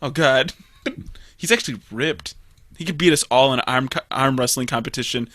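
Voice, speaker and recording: A man's voice: mid-range voice, brisk, sharp tone. A man co-hosting a podcast in casual chat, joking and swearing freely. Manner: joking, profane, acts out angry voices. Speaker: podcast co-host.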